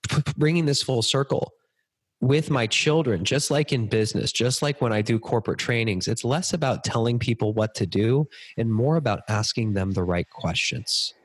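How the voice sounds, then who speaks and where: A man in his thirties, a podcast guest, telling stories in an energetic conversational way. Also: mid-range voice, normal speed, slightly rough. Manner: energetic, acts out quoted dialogue. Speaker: podcast guest, business speaker. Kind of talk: conversational storytelling interview.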